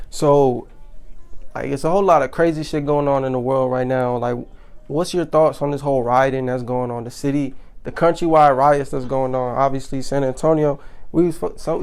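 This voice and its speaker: Smooth-voiced laid-back interview host. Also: male voice, mid-range voice, steady tone, normal speed, a little mellow. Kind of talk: casual interview chat.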